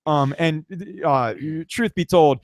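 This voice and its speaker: A man's voice: on the high side, slow, no echo, clean studio sound. A man co-hosting a podcast, telling a tour story in casual chat, swearing a lot and acting out what people said. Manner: animated, swears a lot, acts out quotes. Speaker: podcast co-host.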